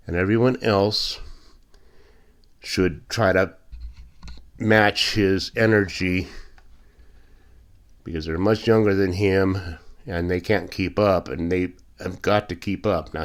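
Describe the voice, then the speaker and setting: A man delivering a blunt, indignant opinion monologue as a podcast host, with sarcastic asides. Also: deep voice. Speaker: political commentator.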